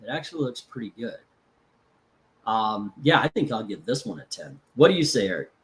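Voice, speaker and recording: A man's voice: on the low side, sing-song, fairly quick. A man from Florida hosting a casual live stream, rambling with lots of fillers and restarts while reading out chat. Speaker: host.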